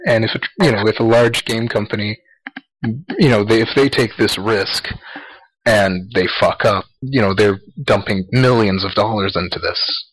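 A Canadian-accented man on a casual podcast, speaking in a somewhat low voice. He talks bluntly and jokingly and swears without a second thought. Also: moderate pace, low-quality recording. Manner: blunt, swears freely, jokey. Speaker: podcast co-host.

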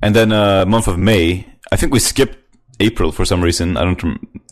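A man's voice: low voice, normal speed. A man hosting a casual group chat, reading out scores and swearing loosely. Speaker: podcast host.

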